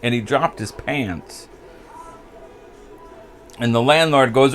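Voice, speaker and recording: A man's voice: mid-range voice, slow pace, long pauses, soft background music. An older American man chatting casually and telling pub stories, rambling, chuckling and losing track of names. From United States. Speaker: vlogger. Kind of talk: casual storytelling chat.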